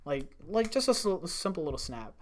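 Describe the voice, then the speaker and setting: A man's voice: fairly high pitch, very animated, normal speed. Young man telling wild stories, profane. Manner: rambling, profane, lots of "like". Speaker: storyteller, former restaurant worker. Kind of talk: casual podcast chat.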